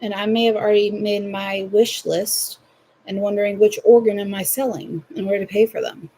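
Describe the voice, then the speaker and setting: A young Southern woman hosts a livestream from home, crocheting while she chats playfully with her viewers. Her voice is medium in pitch and dark in tone, delivered steadily at a normal speed.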